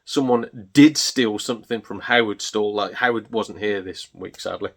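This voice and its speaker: A man's voice: on the low side, moderate pace, fairly bright tone. A man, a gaming YouTuber, talking in a casual, exasperated, chatty way as he rants about his experience. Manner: exasperated, chatty ranting storyteller. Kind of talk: casual ranting vlog.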